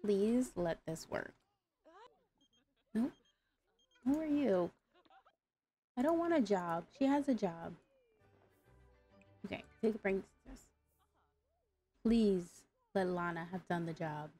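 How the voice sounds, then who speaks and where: A woman's voice: mid-range voice, lively intonation, takes it slowly, pauses often, mellow, faint music behind. A woman giving casual gameplay commentary, exasperated and talking back to the characters on screen. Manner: exasperated, talks to the game characters. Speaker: gaming YouTuber.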